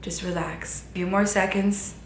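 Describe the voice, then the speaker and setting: A woman softly doing a sweet, hushed female ghost. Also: fairly low pitch, steady tone, normal speed, gravelly, roomy sound, noisy background. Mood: soft, tender. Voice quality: very soft, sweet, near-whispered. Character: gentle female ghost with long black hair.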